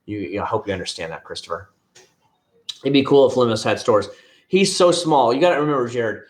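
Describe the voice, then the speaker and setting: A man's voice: mid-range voice, animated, a little fast. A man hosts a casual live stream and answers his viewers in a loose, rambling way. He restarts his sentences often, drifts into asides, and calls people by name. His voice bounces around a noticeably echoey room. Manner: talks directly to viewers by name.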